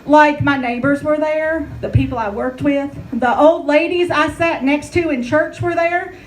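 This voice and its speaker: A woman's voice: high-pitched, fairly even intonation, a little slow, a little hiss or hum, poor audio. A woman in her thirties, performing a brash, profane stand-up comedy set with a chatty storytelling manner.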